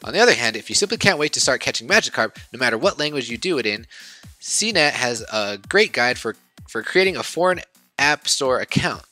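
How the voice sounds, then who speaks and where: A man's voice: mid-range voice, lively intonation, a little fast, sharp tone, faint music behind. A man in his twenties casually rambling through gaming news in a chatty, self-deprecating way. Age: 20s. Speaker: YouTube news host.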